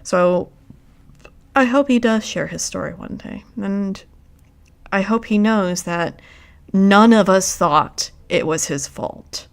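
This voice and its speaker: A woman hosts her own stream in an unhurried, reflective chat. Her voice is clean and smooth, and her pace is slow. She often stops and restarts mid-thought. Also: mid-range voice. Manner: halting, reflective, with frequent restarts. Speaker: streamer host. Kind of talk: casual livestream chat.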